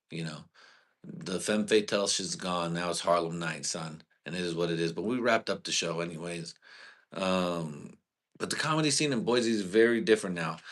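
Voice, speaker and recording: A man with a very low, deep voice talks loosely on a live stream about his comedy night. He rambles through profane stories full of street slang and keeps checking in with "you know". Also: fairly bright tone. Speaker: stand-up comedian and show host. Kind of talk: casual live-stream chat.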